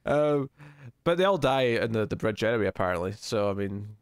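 A man's voice: fairly low pitch, lively intonation, brisk, smooth, dry recording. Rambling, jokey man, dry sound. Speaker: podcast co-host. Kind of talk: casual chat reviewing a TV episode.

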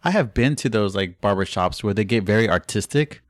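A man's voice: fairly low pitch, lively intonation, brisk, no echo, studio quality. A man co-hosting a podcast in casual chat, laid-back and amused. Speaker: podcast co-host.

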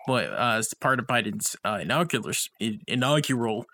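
A man co-hosting a casual discussion, halting with many fillers and restarts. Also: medium pitch, lively intonation, bright, forceful tone, a little hiss or hum. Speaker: co-host.

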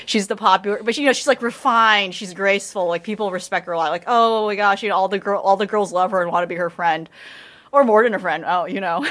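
A woman's voice: medium pitch, a little fast, fairly bright tone. A woman in casual anime review chat, rambling, swearing, and laughing often.

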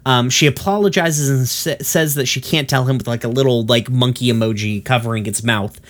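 A man's voice: medium pitch, brisk. A man casually retelling a cartoon episode in a rambling way, with lots of fillers and the odd swear word.

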